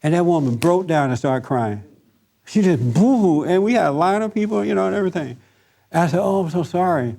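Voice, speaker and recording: A man leading a Sunday service, preaching in a relaxed, conversational way and telling personal stories to his listeners. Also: high-pitched, fairly quick, creaky. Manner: chatty and anecdotal, laughs at his own stories, talks directly to listeners. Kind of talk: conversational sermon with storytelling.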